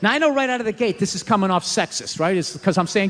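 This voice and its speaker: A man's voice: very high voice, lively intonation, fast, few pauses, fairly bright tone, long reverb tail. A male stand-up comedian delivering a ranting, profane routine.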